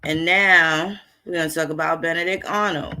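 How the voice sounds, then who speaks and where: A woman with a low-sitting, steady, sharp voice hosts a history channel, moving at a moderate pace. In a casual lecture over on-screen records, she walks through old documents in a blunt, profane, conversational style.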